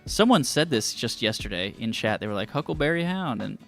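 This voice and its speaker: A man's voice: on the low side, big pitch swings, brisk, creaky, a bit bright, faint music behind. A man streaming a trivia game, casually joking with chat and reading clues aloud. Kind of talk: casual live-stream commentary.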